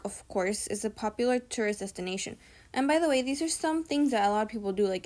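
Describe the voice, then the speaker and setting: A young woman talks through a grammar lesson in a relaxed, conversational way. She goes over each point more than once and keeps checking in with her listeners. Her voice sits at a medium pitch for a woman. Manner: chatty, repeats points, frequent "right?" checks. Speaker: tutor. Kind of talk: casual explanatory lesson.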